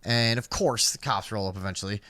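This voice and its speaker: A man's voice: on the low side, brisk, sharp tone, no room sound. Laid-back man telling a rambling story. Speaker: podcast co-host. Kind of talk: casual storytelling on a live stream.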